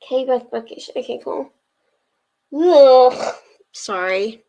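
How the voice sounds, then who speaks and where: A young woman hosts a relaxed livestream and talks to her viewers in a chatty, rambling way. Her voice sits a little high. She takes her time over her words. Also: a little slow. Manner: chatty, rambling, answers chat messages. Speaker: livestream host of reading sprints. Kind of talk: casual chat with live viewers.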